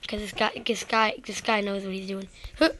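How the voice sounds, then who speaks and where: A woman's voice: mid-range voice, flat delivery, moderate pace, a bit bright. A woman giving rambling, self-deprecating gameplay commentary straight to her viewers. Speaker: gaming video creator.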